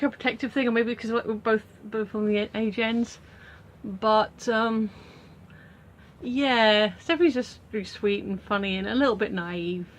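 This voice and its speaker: A woman's voice: mid-range voice, a bit bright, a little hiss or hum. Rambling British woman vlogging. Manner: rambling with many ums and restarts. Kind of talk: casual chat to camera.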